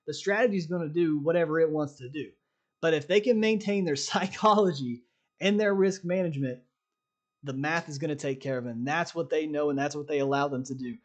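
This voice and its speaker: A man giving a casual, direct motivational talk about trading as a coach, emphatic and conversational, often checking in with "right?". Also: on the high side.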